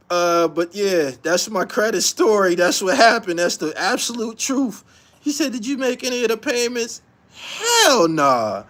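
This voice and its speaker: Animated profane man telling a story. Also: measured pace. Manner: laughing, profane, swings from low mutter to high excited yelps. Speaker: podcast host.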